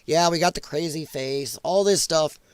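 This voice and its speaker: A man's voice: on the high side, normal speed, clear, resonant tone, no room sound. A man hosting a casual political commentary livestream, blunt and exasperated, with an irritated throat that keeps making him cough. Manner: blunt, exasperated, frequent apologies. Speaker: livestream host.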